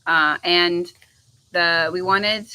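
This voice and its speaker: Woman, bright voice, chatty, rambling, laughs easily, casual live chat. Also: on the low side, steady tone, drawn-out words, clear, resonant tone, rough recording. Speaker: co-host.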